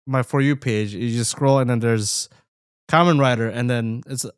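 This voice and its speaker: A man's voice: medium pitch, normal speed, clear, resonant tone, no echo, clean studio sound. A man co-hosting a casual podcast, chiming in with wry remarks and bursts of laughter. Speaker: podcast co-host. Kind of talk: casual chat.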